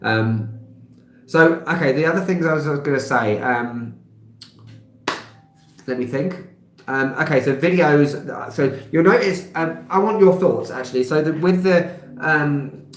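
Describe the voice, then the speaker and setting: A man's voice: a little high, a little slow. A man in his thirties with a London accent, chatting casually on a live stream and answering viewers' comments, rambling with many filler sounds and small laughs. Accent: London English. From England. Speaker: travel vlogger. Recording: roomy echo.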